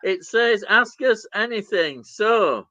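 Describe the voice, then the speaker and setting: Slow man, lively pitch. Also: dry recording. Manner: chuckling, reads out chat messages. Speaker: stream co-host reading chat. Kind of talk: casual live stream chat. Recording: dull, dry sound.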